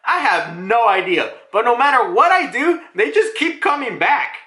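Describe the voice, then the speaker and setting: A carefree young pirate captain chuckles through his lines, as a man puts him on. The voice is bright and light, and the room adds a roomy echo. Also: very high voice, big pitch swings, normal speed, pitched above the performer's own voice, full character voice. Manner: laughing, carefree.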